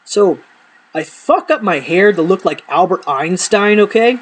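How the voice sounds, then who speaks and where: A man casually telling profane, animated stories from his life to camera, acting out the people in them. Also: high voice, normal speed, slightly rough, low-quality recording.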